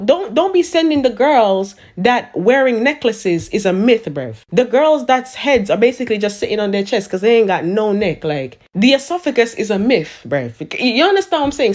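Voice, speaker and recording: A woman from Jamaica with a fairly high voice, roasting her targets in a sarcastic, animated comic rant. Her delivery is mocking and quick-witted.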